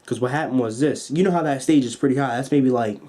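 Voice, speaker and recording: A man's voice: mid-range voice, fast talker. A young man reviewing a wrestling show at home into his camera, swearing freely and acting out the moves with sound effects. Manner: excited, profane, acts out moves with sound effects. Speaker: wrestling vlogger. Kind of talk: casual review rant. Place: at home at a table.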